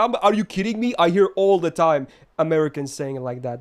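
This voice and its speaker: Male game streamer, emphatic ranter who answers chat, slightly high voice. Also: fast talker, few pauses, smooth. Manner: ranting, emphatic, talks back to chat. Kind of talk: live-stream chat while gaming.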